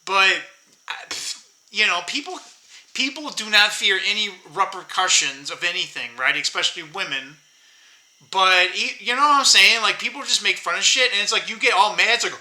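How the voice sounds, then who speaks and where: A man's voice: high voice, lively intonation, moderate pace, sharp tone, low-quality recording. A man in his fifties rambling bitterly to his viewers in a casual monologue, swearing and laughing to himself. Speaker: vlogger.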